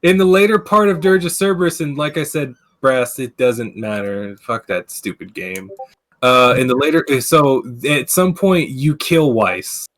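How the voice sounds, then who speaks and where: A man's voice: mid-range voice, lively intonation, a little slow, a bit bright. A man hosting a casual gaming podcast, ranting with plenty of swearing and filler words. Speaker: podcast host. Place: streaming setup.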